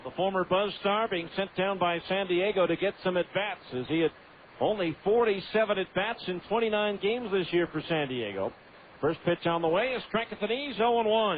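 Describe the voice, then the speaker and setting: A man calling a baseball game on the radio in steady play-by-play, full of stats. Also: sits high. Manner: steady, stat-heavy narration. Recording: tinny AM radio broadcast with faint hiss.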